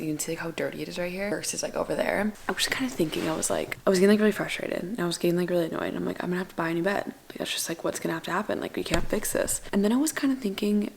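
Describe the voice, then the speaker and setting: A young woman vlogging casually at home while doing chores, chatty and full of likes, often dropping to a soft whisper. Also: on the low side, gravelly, slight background noise. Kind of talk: casual vlog chat.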